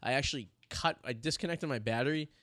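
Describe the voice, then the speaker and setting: Fast-talking crude man in his thirties. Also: mid-range voice, sharp tone, no echo, clean studio sound. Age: 30s. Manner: crude, joking storyteller. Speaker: podcast host. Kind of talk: casual banter.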